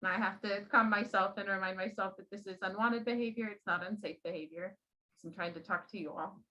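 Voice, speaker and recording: A woman of ordinary pitch leads a classroom demonstration for other teachers. She talks patiently and gently, steadying a child beside her as she explains. The sound is a little muffled and lo-fi. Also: steady tone, fairly quick. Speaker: teacher trainer.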